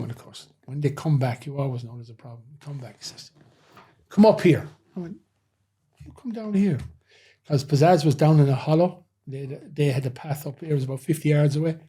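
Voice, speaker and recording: Husky man telling stories. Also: fairly high pitch, dark tone. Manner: rambling anecdotal telling, frequent "you know". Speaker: former nightclub head doorman, guest. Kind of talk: casual interview storytelling.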